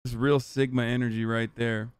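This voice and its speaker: A man's voice: mid-range voice, level tone, moderate pace, slight background noise. A man streaming a reaction to a video, cutting in with incredulous, profane comments.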